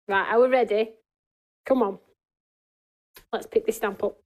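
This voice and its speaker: A woman's voice: a little high, fairly even intonation, measured pace, long pauses. A woman hosting a live craft demonstration in a studio, chatting to her viewers and answering their comments as she works. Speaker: craft show host.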